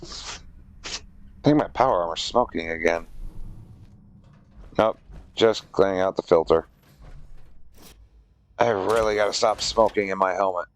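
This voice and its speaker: A man's voice: low voice, moderate pace, pauses often. A man casually joking and making sarcastic asides while playing a game. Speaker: gamer. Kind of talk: casual gameplay commentary.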